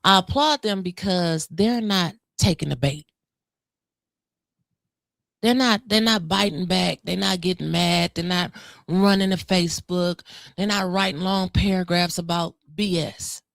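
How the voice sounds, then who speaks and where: A woman's voice: on the low side, a little slow, gravelly, no echo, clean studio sound. A middle-aged woman, co-hosting a casual political chat, emphatic and opinionated, repeating lines for stress. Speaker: co-host.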